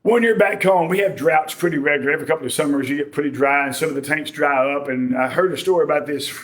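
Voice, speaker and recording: A man delivers a sermon in a folksy, conversational manner, slipping jokes and homespun stories into his points. His voice sits high for a man. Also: quick pace, fairly bright tone. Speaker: preacher.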